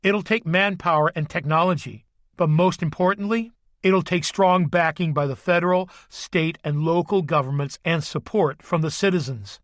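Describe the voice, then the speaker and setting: A stern, formal Army sergeant major who speaks in clipped, firm sentences, read by a man in an audiobook. The voice sits a touch high and is recorded close and dry, with no room around it. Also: normal speed, fairly bright tone, no room sound, natural voice.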